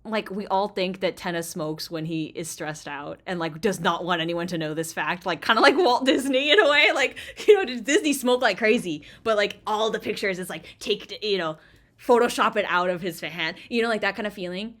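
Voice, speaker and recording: A woman hosting a gaming channel delivers rambling, chatty let's play commentary heavy with fillers, alternating loud outbursts with quiet muttering. Her mid-range voice is expressive and moves at a moderate pace.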